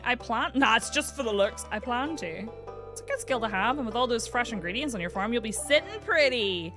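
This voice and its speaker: A woman's voice: medium pitch, lively intonation, a little fast, over music. A young British woman chatting casually and giggling as she streams a farming game. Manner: giggly, chatty, self-mocking. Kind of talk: casual game livestream chat.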